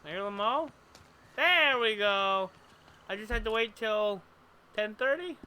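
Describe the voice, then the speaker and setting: A man's voice: high voice, lively intonation, slow, sharp tone, clear, resonant tone. A man chatting casually to his audience while playing a game live, wandering off into long, rambling explanations. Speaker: streamer. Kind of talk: casual live gameplay commentary.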